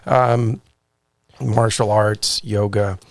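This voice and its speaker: A man hosting a podcast interview, enthusiastic and complimentary, with frequent halting restarts. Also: lowish voice, fairly even intonation, no room sound. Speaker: podcast host. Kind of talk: interview conversation.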